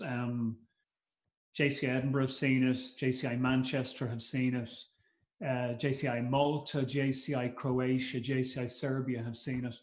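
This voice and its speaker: A man's voice: mid-range voice, darkish tone. A middle-aged man giving a live masterclass at a conference, speaking conversationally, repeating words and acting out short quotes. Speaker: trainer. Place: conference room. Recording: roomy echo.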